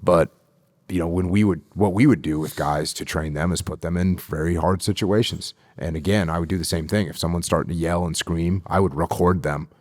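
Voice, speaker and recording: Deep-voiced, emphatic middle-aged man. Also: steady tone, brisk, a little mellow, no echo, clean studio sound. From United States. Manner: emphatic, repeats key phrases for stress. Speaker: guest, retired military officer. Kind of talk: podcast interview.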